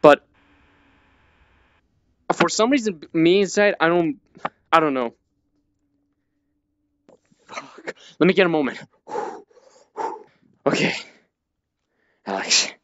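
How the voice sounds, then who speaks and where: A man's voice: on the high side, expressive, takes it slowly, long pauses, a bit bright. A man commentating a VR horror game, jumpy and panicky, swearing and muttering to himself as he plays. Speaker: gamer playing a VR horror game. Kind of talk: let's play commentary. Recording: dull lo-fi dry recording.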